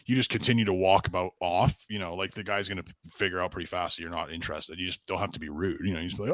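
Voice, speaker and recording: A man's voice: deep voice, fast, hardly any pauses, dry recording. A young adult man co-hosting a podcast in casual chat, rambling with lots of "you know" and acting out quoted greetings. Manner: rambling, many fillers like "you know", acts out quotes brightly. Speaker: podcast co-host.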